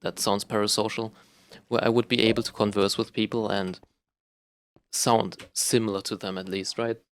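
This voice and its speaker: Young man, lowish voice, smooth and clear, casual rambling monologue, frequent ums and self-corrections. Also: little pitch movement, normal speed. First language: German. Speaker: vlogger.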